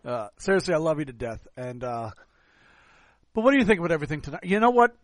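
A man's voice: on the high side, sing-song, quick pace, a bit bright, dry recording. A man from the United States hosting a podcast, tipsy and long-winded, rambling in casual chat. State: tipsy from drinking. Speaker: podcast host.

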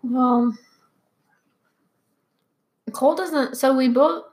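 A woman's voice: high-pitched, drawn-out words, darkish tone. A young woman co-hosting a podcast, chatting casually and laughing often. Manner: chatty, laughs often, echoes others' speech. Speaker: podcast co-host. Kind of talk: casual chat.

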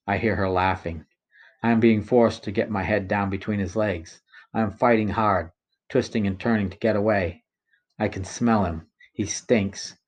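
Somber man with a low voice. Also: steady tone, normal speed. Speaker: narrator of his own story. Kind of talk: reading a personal first-person account.

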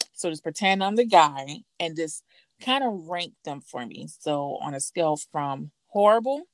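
A woman's voice: on the low side, no room sound. A woman hosting a casual chat, playful and teasing, reading out lines with a laugh. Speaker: host.

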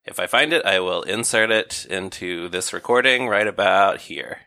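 A man's voice: deep voice, moderate pace, pushed and bright. A man co-hosting a podcast, making wry, thoughtful asides in casual chat. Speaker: podcast co-host.

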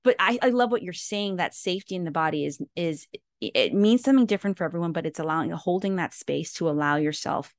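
A woman hosts a casual podcast interview, chatty and enthusiastic with plenty of rambling asides. Her voice sits a little low. The sound is dry and close, with no room echo. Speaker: podcast host.

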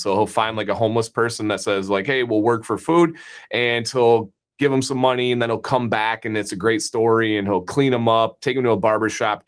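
A man's voice: on the low side, smooth. Chatty storytelling man from Michigan. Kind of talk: casual chat.

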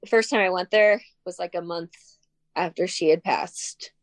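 A young woman, a guest in a personal conversation, speaking softly and tearfully with many "like" fillers. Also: fairly low pitch, moderate pace, no echo. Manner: soft-spoken, tearful, frequent "like" fillers.

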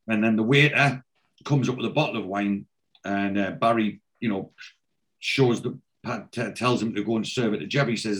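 A man's voice: on the low side, a little fast. A man in casual podcast chat, retelling a TV episode scene by scene, quoting the dialogue and swearing freely. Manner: animated storyteller, slips in and out of quoted lines, swears casually. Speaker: podcast co-host recapping a TV series.

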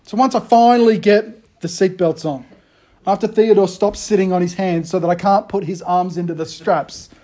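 A man, preaching a casual, conversational sermon with self-deprecating, animated storytelling. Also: sits high, moderate pace. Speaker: pastor.

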